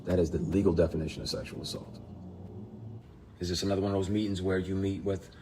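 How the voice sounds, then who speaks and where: A man's voice: deep voice, little pitch movement, quick pace. A man, an actor, speaking straight to camera in an emphatic, profane, heated rant. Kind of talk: impassioned direct-to-camera rant.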